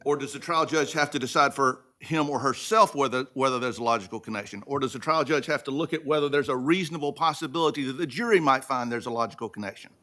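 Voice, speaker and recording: A man's voice: mid-range voice, fast talker, hardly any pauses, bright, forceful tone. A man serving as a justice, putting probing, pointed legal questions to counsel. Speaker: appellate justice. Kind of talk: questioning from the bench.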